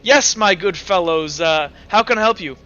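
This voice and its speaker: A man's voice: high-pitched, normal speed, bright, forceful tone, lo-fi sound. A man doing a pompous blustering merchant. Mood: smooth-talking. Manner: overly polite, blustering. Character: flustered pompous male merchant.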